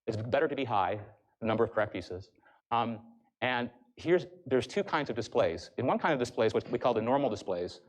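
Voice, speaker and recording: Man, professor, rapid university lecture, explanatory, mid pitch. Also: lively intonation. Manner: brisk, explanatory, addresses the audience. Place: lecture hall.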